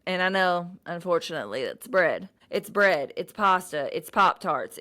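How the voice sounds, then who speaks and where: A woman's voice: lowish voice, a bit bright. A young woman hosting a casual solo podcast, talking bluntly and with lots of swearing, rambling and restarting her sentences. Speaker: podcast host.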